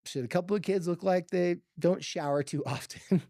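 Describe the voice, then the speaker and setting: A man hosting a podcast, retelling a family story in a casual, lively way with filler words and quoted voices. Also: high-pitched, fairly quick, gravelly, no room sound, studio quality. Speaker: podcast host. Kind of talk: storytelling monologue.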